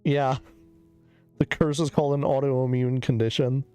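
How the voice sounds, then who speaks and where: A man's voice: mid-range voice, flat delivery, normal speed, dark tone, smooth, no echo, soft background music. A man streaming a casual chat while sick. He coughs, sounds loopy and rambles, swearing a lot.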